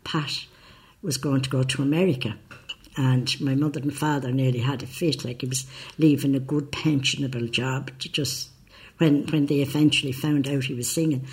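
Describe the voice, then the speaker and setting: Husky older Irish woman. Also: very deep voice, steady tone, normal speed. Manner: rambling anecdotal, hesitant fillers. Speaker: interviewee. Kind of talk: casual reminiscing.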